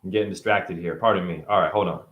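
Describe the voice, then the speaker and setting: A man's voice: deep voice, fairly even intonation, fast talker, reverberant, phone-quality sound. A man ranting to camera about spirituality, sarcastic and profane. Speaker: vlogger.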